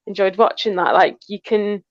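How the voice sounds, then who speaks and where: A woman's voice: medium pitch, fairly even intonation, normal speed, no room sound, lo-fi sound. An English woman co-hosting a casual live chat, teasing her friend and reading out viewer comments. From England. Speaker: co-host of a metal detecting channel.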